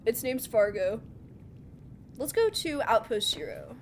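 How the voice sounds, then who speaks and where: A woman with a somewhat high voice chats playfully through a live game stream, joking and laughing easily. Game ambience and vehicle sounds come through clearly beneath her talk. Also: big pitch swings, a little slow, slight background noise. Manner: playful, jokey, laughs often. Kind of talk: casual live gameplay chat. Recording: game sounds audible behind voice.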